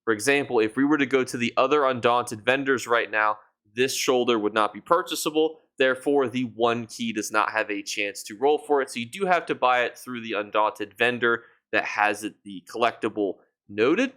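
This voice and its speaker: Game-guide YouTuber, male, mid-pitched, casual and enthusiastic with his audience. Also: normal speed, few pauses, bright, forceful tone. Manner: chatty and enthusiastic, addresses viewers as "you guys". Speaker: gaming YouTuber.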